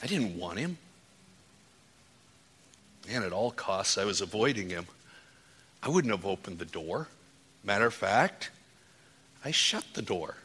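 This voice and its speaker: A man's voice: lowish voice, sing-song, measured pace, long pauses, bright, forceful tone, slightly rough. A man preaching a sermon, telling his own story and building to fervent, insistent appeals. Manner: testimony building to impassioned, rising preaching. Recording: hall with long reverb.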